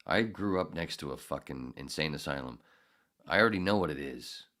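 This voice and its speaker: A man hosting a podcast who rants angrily and sarcastically, swearing heavily and swinging from mutters to shouts. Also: a bass voice, lively intonation, a little fast. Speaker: podcast host. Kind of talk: ranting monologue.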